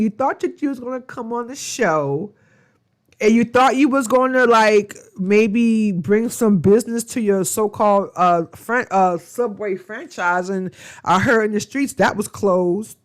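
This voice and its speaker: A woman's voice: mid-range voice, unhurried. A woman reviewing a reality show in a casual, gossipy vlog, blunt and profane with rambling asides.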